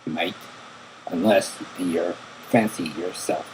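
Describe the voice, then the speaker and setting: Brief: man reading a grumbling, bragging cartoon jailbird bassist, low and unhurried. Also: darkish tone, slight background noise, low-quality recording. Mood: grumbling boast. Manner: blunt, boastful, grumbling. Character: surly jailed male cartoon rock bassist. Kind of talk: reading a fan interview aloud.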